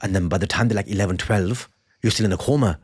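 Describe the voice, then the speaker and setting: A man's voice: on the low side, fast talker, slightly rough. A man from England, a comedian co-hosting a podcast and telling stories with voices. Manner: animated storytelling, acts out voices. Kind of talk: comic banter. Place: family home.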